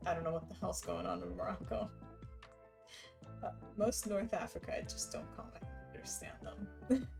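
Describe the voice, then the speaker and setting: A woman's voice: fairly low pitch, unhurried, creaky, long pauses, music in the background, poor audio. A woman live streamer in casual, rambling chat who laughs often.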